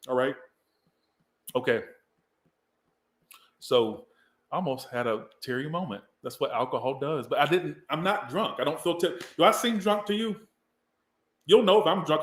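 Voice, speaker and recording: A man's voice: on the high side, echoey room. A man from the Southern US, giving a casual, rambling tarot reading and swearing now and then. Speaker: tarot reader.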